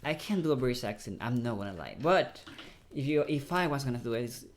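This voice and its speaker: A man with a Mexican accent, a Spanish speaker talking as an actor guest in a casual interview, halting and restarting as he searches for English words. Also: mid-range voice, lively intonation.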